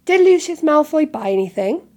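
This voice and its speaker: A woman's voice: mid-range voice, unhurried, mellow. A woman reading aloud, voicing an eager, curious father wizard. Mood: earnest.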